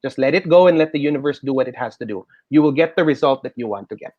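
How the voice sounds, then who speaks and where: A middle-aged man with a Filipino accent explaining a tarot reading on the radio in an animated, reassuring way. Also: medium pitch, fast talker. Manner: animated, reassuring, mixes in Tagalog phrases. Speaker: tarot reader guest. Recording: dull lo-fi radio sound.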